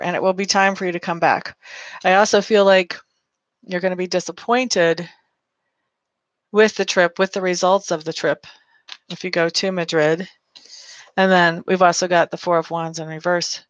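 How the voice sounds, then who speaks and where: A woman's voice: on the low side, dry recording. Woman, tarot reader, live stream, chatty, affectionate, muffled dry audio. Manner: chatty, calls listeners honey, reads viewer comments.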